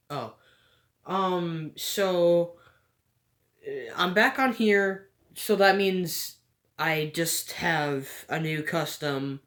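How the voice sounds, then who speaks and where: A woman giving casual gameplay commentary, rambling and hesitant with frequent stutters and a low-energy, halfhearted delivery. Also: drawn-out words, a bit bright. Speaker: gaming vlogger. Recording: echoey room.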